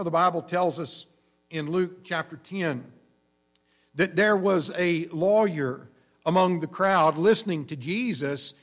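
A man preaching a sermon, explaining scripture in a measured, teaching way with frequent restarts. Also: high-pitched, fairly bright tone.

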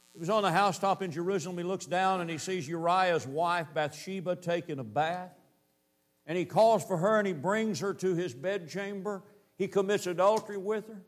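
Man, preacher, sermon, emphatic, drawn-out stresses, fairly high voice. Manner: emphatic, slowing down to stress key phrases; repeats points in rhetorical lists.

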